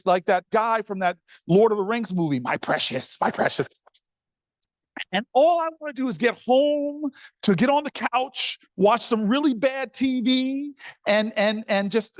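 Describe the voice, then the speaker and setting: Middle-aged guy, senator telling a folksy story to the crowd, pretty high voice, talks right at them. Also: no echo. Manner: animated, folksy, speaks directly to the crowd. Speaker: senator giving a speech. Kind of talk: storytelling speech to an audience.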